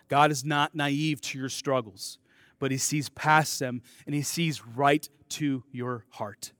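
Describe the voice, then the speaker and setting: Fairly high-voiced male pastor preaching. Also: unhurried, no room sound, clean studio sound. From American Midwest. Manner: swings between soft intimate asides and loud emphatic declarations; conversational, self-deprecating asides to the congregation. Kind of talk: sermon.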